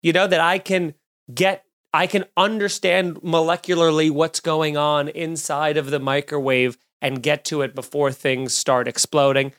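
A male comedian hosts his own podcast, spinning a long anecdote in casual, profane chat. His voice sits a bit high for a man. He jumps into quick impressions of the people in his story. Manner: animated, swearing, acts out quoted voices.

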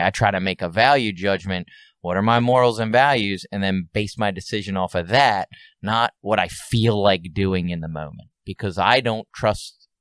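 A man's voice: deep voice, fairly bright tone, no echo. A man co-hosting a podcast in casual chat, earnest and reflective, swearing casually. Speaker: podcast co-host.

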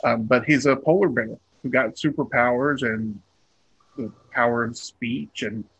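A man's voice: mid-range voice, measured pace, a bit bright, husky, low-quality recording. A man, a comic book artist being interviewed, talking casually and rambling with many ums and restarts.

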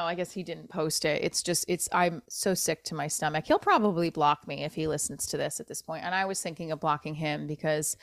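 A woman's voice: fairly low pitch, dry recording, clean studio sound. A woman hosting a podcast alone, talking in an upset, self-critical way, swearing and restarting her sentences. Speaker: podcast host. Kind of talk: emotional solo podcast monologue.

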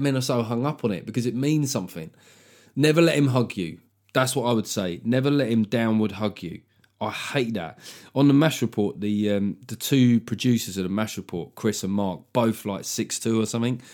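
A man's voice: mid-range voice, darkish tone. Middle-aged male comic as a solo podcast host, loose, sweary, jokey, talking straight into the mic. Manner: sweary, jokey, throws in voices for effect.

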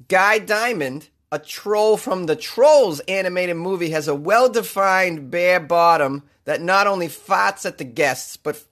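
A Boston-accented comedy podcast host delivers a monologue, riffing sarcastically and wandering through his jokes. His voice sits high and sounds a bit bright.

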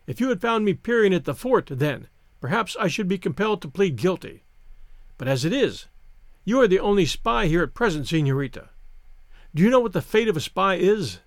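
A gallant young naval officer, as a male narrator reads him, playful and courtly in his teasing. The voice is high and lively, recorded dry and close. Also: fairly quick, no echo.

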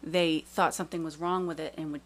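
Woman guest, paranormal investigator, very low voice, friendly and explanatory. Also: steady tone, a little fast. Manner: friendly, explanatory, with small hesitations. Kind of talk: casual interview chat.

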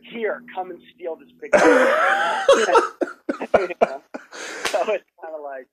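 Animated storyteller man from Minnesota. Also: high-pitched, takes it slowly, background noise. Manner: animated storyteller, lots of "like" fillers. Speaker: guest filmmaker. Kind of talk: casual podcast chat.

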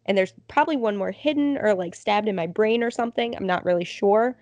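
A young adult woman co-hosting a casual chat, telling stories with lively acted-out quotes. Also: medium pitch, a little fast. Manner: animated storyteller, acts out quotes. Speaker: podcast co-host.

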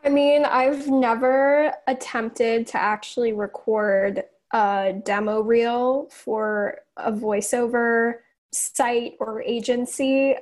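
A woman answering as an interview guest, thoughtful and measured. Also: a little high. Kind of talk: casual interview.

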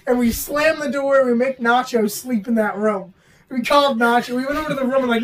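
Talking fast in a fairly high voice, this young adult woman tells a lively, expletive-filled story as co-host of a laid-back student podcast. She's recorded far from the mic, with a little hiss or hum.

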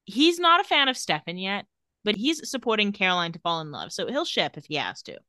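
Animated woman recapping a show. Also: medium pitch, a little fast, dry recording, studio quality. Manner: animated retelling, acting out quoted lines. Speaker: podcast co-host. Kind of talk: casual recap chat.

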